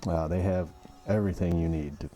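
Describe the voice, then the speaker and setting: A man co-hosting a casual podcast, laid-back as he gives shout-outs and plugs. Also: low voice, steady tone, a little fast. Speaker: podcast co-host. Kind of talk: casual chat.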